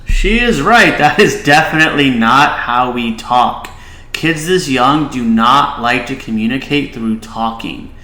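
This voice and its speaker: A man's voice: medium pitch, animated, unhurried, bright, forceful tone, reverberant, slight background noise, low-quality recording. A man, a child behavior specialist, giving casual reaction commentary and advice, with many filler "likes".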